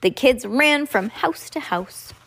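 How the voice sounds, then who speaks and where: A woman's voice: sits high, lively intonation, takes it slowly, vocal fry, fairly bright tone. A woman reading a children's book aloud at home, casually stopping to comment and restart lines. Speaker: reader.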